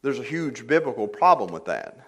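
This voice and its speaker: A man's voice: mid-range voice, very animated, a little fast, fairly bright tone, breathy edge. An older man preaching a sermon in a church, plainly conversational with light humor, rising to emphatic peaks on key points. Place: church sanctuary.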